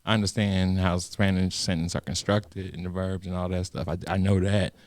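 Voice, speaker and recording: A man's voice: low-pitched, level tone, normal speed, no echo, clean studio sound. A man co-hosting a casual podcast chat, teasing his guests and often restarting his sentences. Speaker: podcast co-host.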